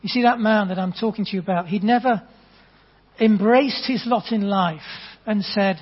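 A man preaching a sermon in an earnest, conversational storytelling manner, with gentle asides to the congregation. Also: sits high, moderate pace, husky. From England. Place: church hall. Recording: dull, long reverb in a church hall.

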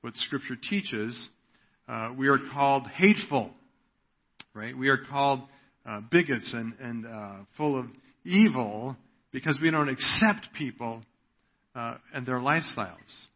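A man's voice: mid-range voice, expressive, measured pace. A man preaching a sermon in an earnest way, often checking in with "right?". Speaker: pastor. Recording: dull lo-fi audio.

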